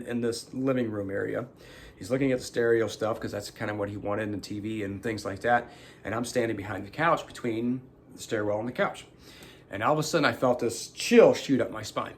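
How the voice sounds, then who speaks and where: A man's voice: lowish voice, slight background noise. A middle-aged man hosting a show, telling a personal story in casual talk and acting out the voices of the people in it. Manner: animated, acts out quotes with sudden loud outbursts. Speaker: host.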